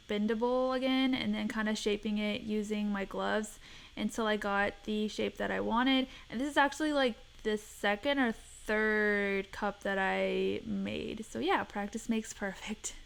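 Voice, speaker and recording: A woman's voice: mid-range voice, steady tone, normal speed, creaky, fairly bright tone, smooth. A young woman hosting a craft tutorial, talking through each step in a chatty, self-deprecating voice-over.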